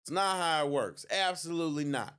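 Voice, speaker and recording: A man's voice: a little high, lively intonation, fairly quick, fairly bright tone, clear, resonant tone. A man hosting a political livestream, talking in a gloating, mocking way and laughing often. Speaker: livestream host. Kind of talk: election night livestream commentary.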